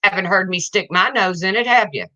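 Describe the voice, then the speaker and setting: A woman's voice: medium pitch, brisk, sharp tone, muffled recording. A woman livestreaming to her viewers, ranting in an indignant, confrontational way and addressing them directly.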